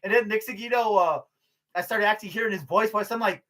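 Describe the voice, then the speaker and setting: In a high, sharp voice delivered fast, an older man rambles casually through a vlog monologue. Profanity comes freely, along with plenty of fillers and restarts, and he laughs between his remarks.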